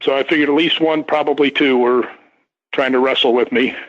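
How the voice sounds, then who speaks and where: His voice is medium in pitch, fairly bright, and fairly even, moving a little fast. An older man and stunt performer, he tells a long story on a radio show in a rambling manner, often restarting and repeating himself, over dull lo-fi audio.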